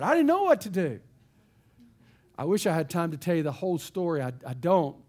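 Animated pastor, high voice. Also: male voice. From East Texas. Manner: animated, folksy storyteller. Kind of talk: sermon storytelling.

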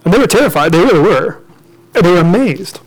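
A man preaching a storytelling sermon, with a high-pitched voice. He talks in a lively, joking way and keeps acting out the people in the story. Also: fast talker, poor audio. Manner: lively, joking, acts out the characters.

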